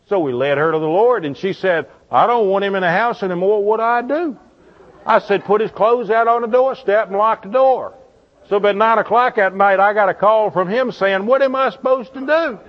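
A man preaching, telling a marriage counseling story and acting out the people in it with lively quoted voices. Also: high-pitched. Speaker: pastor. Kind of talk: storytelling sermon. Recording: dull lo-fi recording.

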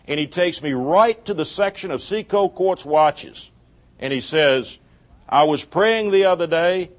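His voice leaning high, a middle-aged man tells a personal tale during a sermon. He animates the quoted conversation and laughs along with his own jokes.

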